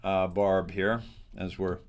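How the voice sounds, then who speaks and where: A man hosting a live show, talking in a rambling, halting way with lots of fillers. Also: sits low, level tone, clean tone. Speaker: host.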